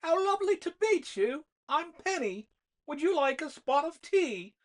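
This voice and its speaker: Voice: medium pitch, wildly swooping pitch, measured pace, bright, forceful tone, breathy edge, voice pushed up, full character voice. A narrator voicing Penny, a sincere, sweet five-year-old girl who puts on a posh British accent for tea. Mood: polite. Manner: piping childlike voice with put-on British accent.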